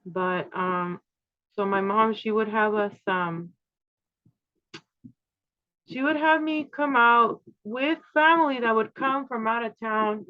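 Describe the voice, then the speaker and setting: A woman's voice: a little high, slow pace, long pauses, no room sound. A woman in her fifties talking in a rambling, conspiratorial way, full of filler words, as she hosts her own channel. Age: 50s. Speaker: channel host. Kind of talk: casual monologue. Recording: slightly dull, dry home recording.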